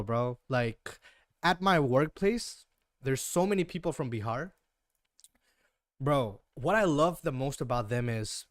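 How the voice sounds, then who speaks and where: A man's voice: mid-range voice, no echo, studio quality. A young man from Northeast India with an Indian English accent, chatting casually and slangily as a livestream trading host. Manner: slangy, relaxed, keeps saying "bro".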